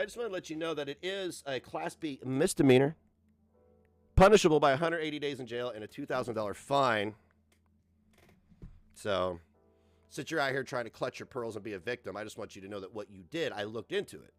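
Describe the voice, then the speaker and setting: A man's voice: mid-range voice, expressive, fairly quick, no room sound. A man ranting sarcastically in a reaction commentary, mocking and swearing freely. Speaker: commentary streamer.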